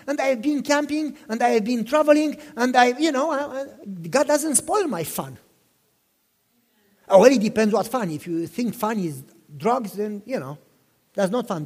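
A pastor in his fifties preaching a sermon, telling personal stories with passion, repeating himself and asking listeners questions. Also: very high-pitched. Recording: long reverb in a hall.

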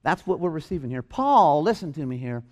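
Emphatic high-voiced male preacher. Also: very animated, brisk. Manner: emphatic, repeats key phrases for stress. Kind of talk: sermon. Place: church hall.

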